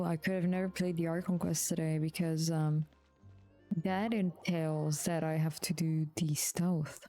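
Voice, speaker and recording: A woman's voice: on the low side, dark tone. A woman streamer giving casual, chatty gameplay commentary with mumbled asides and swearing.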